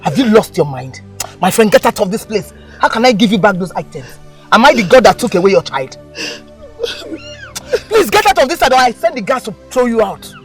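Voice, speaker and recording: A woman's voice: medium pitch, big pitch swings, brisk, soft background music, natural voice. An actress playing a fierce, emotional village mother who pleads and scolds, in a film drama. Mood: angry. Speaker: mother of the healer. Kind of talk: Nollywood film acting.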